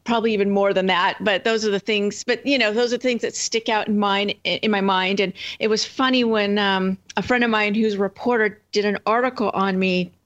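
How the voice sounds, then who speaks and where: A woman's voice: medium pitch, steady tone, a little fast, few pauses, muffled recording. A woman author talking as a guest in an interview, chatting loosely with many fillers. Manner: rambling, lots of fillers and restarts. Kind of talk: casual interview chat.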